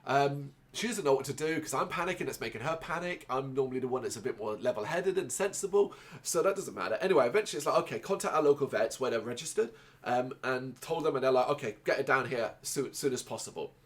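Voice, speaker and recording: Podcast host, male, mid pitch; rambling, emotional storyteller who swears. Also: expressive, quick pace. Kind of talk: personal storytelling monologue.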